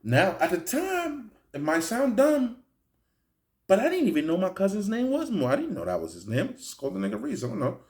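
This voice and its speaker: A high-pitched man with vocal fry tells a story fairly quickly in a casual, profane street style. He animatedly acts out the people involved, voicing their quotes.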